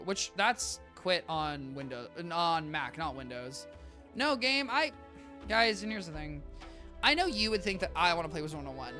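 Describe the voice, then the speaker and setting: A man's voice: high-pitched, pushed and bright. A young man streaming a video game, rambling in a casual, self-deprecating way and talking to his chat as "guys". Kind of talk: casual gaming commentary.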